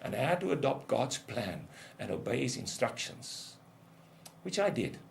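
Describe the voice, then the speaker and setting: An older man, a ministry leader, giving a testimony sermon in an intense storytelling manner, going from loud outbursts to hushed lows. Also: sing-song, unhurried, gravelly, a little hiss or hum. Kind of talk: testimony preaching.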